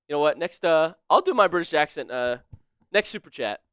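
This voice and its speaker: Excitable man calling a live game stream. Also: on the high side, moderate pace, smooth, no echo. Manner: excitable, laughs often, reads chat names aloud. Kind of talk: casual live-stream play-by-play chat.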